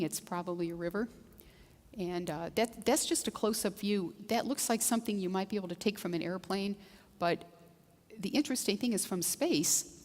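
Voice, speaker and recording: Woman presenting slides in a big reverberant hall. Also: medium pitch. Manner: conversational, explaining and pointing at pictures. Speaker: keynote speaker. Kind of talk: conference presentation narrating slides. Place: large conference hall. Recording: long reverb of a large hall.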